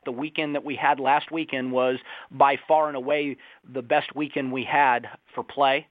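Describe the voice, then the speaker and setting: A man's voice: mid-range voice, flat delivery, moderate pace, no room sound. A man who manages a golf club, talking eagerly and chattily as a phone interview guest, often saying "you know". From Ohio. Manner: eager, chatty, with filler phrases. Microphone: telephone. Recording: tinny phone line.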